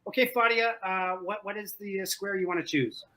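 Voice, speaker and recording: A man hosts a trivia game over a video call with a high, bright and lively voice. He jokes with the players and repeats phrases as he goes, keeping the energy up. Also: fairly quick, rough recording. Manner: animated, joking, repeats himself. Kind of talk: playful game-show hosting. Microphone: video call from home.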